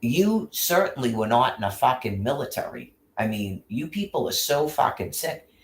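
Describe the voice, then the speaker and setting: A man's voice: mid-range voice, big pitch swings, moderate pace. A man ranting angrily and rambling, full of profanity and restarts. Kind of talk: casual rant. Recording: roomy echo.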